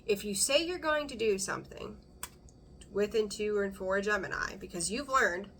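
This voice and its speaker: A woman's voice: mid-range voice, animated, moderate pace, fairly bright tone, slight background noise. A woman doing a casual tarot reading for her channel, chatty and blunt, swearing freely and laughing between cards. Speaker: tarot reader. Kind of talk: casual intuitive reading to camera.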